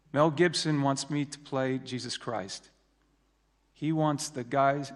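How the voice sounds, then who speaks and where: A man's voice: medium pitch, fairly bright tone. Man telling a story in a reverberant hall. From United States. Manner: storytelling, slows down for emphasis. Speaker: speaker giving a testimony. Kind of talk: personal faith testimony speech. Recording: long reverb of a large hall.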